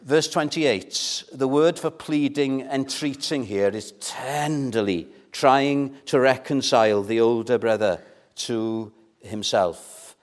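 A man preaching a sermon in a church, earnest and measured, pressing his points with questions to the congregation. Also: mid-range voice, steady tone.

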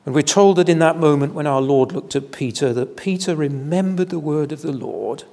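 A man preaching an evening sermon in a church, measured and deliberate, with solemn emphasis. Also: on the high side, mellow. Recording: long hall reverb.

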